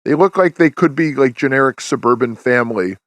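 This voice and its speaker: A man's voice: mid-range voice, a little fast, no echo. A man hosting a podcast, chatting casually as he reviews a film, rambling with many restarts and fillers. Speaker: podcast host.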